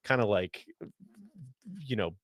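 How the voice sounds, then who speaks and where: A man's voice: lowish voice, takes it slowly, dry recording, studio quality. A man hosting a casual golf podcast, chatting and reading an ad. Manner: conversational, reads ad copy. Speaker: podcast host.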